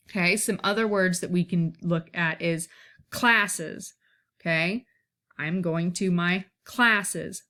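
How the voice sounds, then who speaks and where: A woman with a lowish voice teaches at an unhurried pace. She walks through each point patiently, often pausing to ask whether her listeners are following. The feel is casual, like a single take recorded without retakes. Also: fairly bright tone, clean tone. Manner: explains step by step, checks in with "okay?". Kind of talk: informal one-take lesson.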